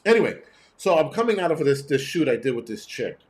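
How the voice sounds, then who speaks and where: A man hosting his own show, telling a story in a blunt, profane, animated way. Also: mid-range voice, a little fast. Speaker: host. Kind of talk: casual storytelling monologue.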